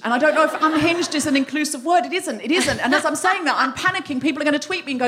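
A woman hosting a live comedy podcast, telling a story on stage with animated, breathless delivery and shrieking acted-out quotes. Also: sits high, fast, few pauses. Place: live venue with audience laughter.

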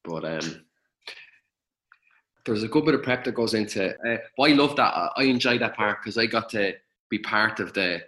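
A man's voice: lowish voice, animated, normal speed, bright, forceful tone, rough recording. A man talking as a birth partner in an interview, easygoing and rambling, often trailing off. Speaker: guest, partner. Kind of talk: conversational interview.

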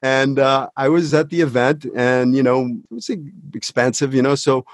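A man's voice: medium pitch, moderate pace, no echo. A male podcast host with a mid-range voice, talking casually and enthusiastically to his guest. The recording is dry and close, with no room sound. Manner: enthusiastic, effusive praise. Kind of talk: conversational interview.

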